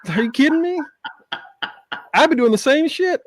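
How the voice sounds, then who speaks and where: A man's voice: very high-pitched, lively intonation, normal speed, no room sound. Joking man with a dry close sound. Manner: joking, laughs often, plays out scenes. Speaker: podcast co-host. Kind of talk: casual chat.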